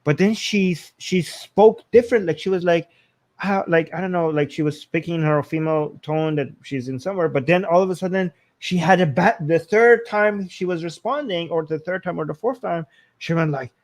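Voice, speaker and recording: A man from Iran with a fairly high voice, co-hosting a live-stream discussion. He rambles in loose, casual bursts, restarting sentences and leaning on fillers as he goes. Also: moderate pace. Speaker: co-host.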